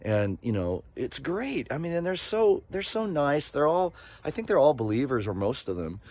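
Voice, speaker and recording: A man's voice: fairly high pitch, moderate pace. A man in his sixties, from Oregon, talking casually in a rambling vlog with many asides. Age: 60s. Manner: animated, rambling, with frequent asides and laughs. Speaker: vlogger.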